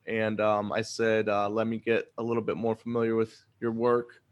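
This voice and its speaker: A man's voice: fairly low pitch, completely flat delivery, moderate pace, muffled recording. A man hosting a podcast, chatting casually and rambling with frequent self-corrections. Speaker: podcast host. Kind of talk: casual chat. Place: Oregon.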